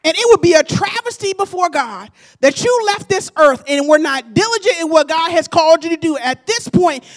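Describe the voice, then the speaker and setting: Woman pastor, high-pitched, preaching a sermon and building to shouts. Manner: preaching with call-and-response, rising to shouts.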